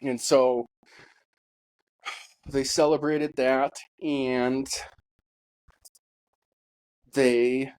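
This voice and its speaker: A man telling his own story in a halting monologue, full of pauses and fillers, grieving and bitter. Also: mid-range voice, flat delivery, darkish tone, low-quality recording. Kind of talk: personal testimony monologue.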